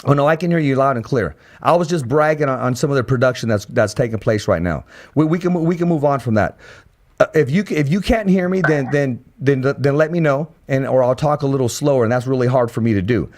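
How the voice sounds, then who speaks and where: Dude hosting a podcast, pumped up, talks fast and trips over words, regular mid voice. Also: male voice, mid-range voice. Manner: energetic, repeats words when excited. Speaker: podcast host. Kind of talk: casual interview.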